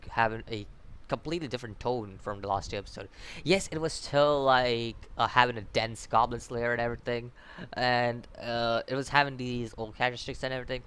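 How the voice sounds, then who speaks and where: A man's voice: medium pitch, a bit bright, clean tone. A man hosting a casual video review, rambling, laughing often and swearing as he restarts his sentences. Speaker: anime reviewer, channel host.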